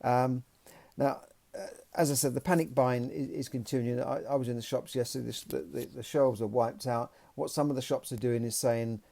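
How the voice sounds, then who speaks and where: A man's voice: mid-range voice, steady tone, normal speed, vocal fry, warm tone. A man hosting a solo podcast, commenting in a rambling, opinionated way. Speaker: podcast host.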